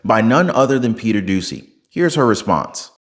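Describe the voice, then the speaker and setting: A man's voice: lowish voice, big pitch swings, moderate pace. A man giving casual political commentary to his viewers, chatty and direct. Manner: chatty, addresses viewers as guys.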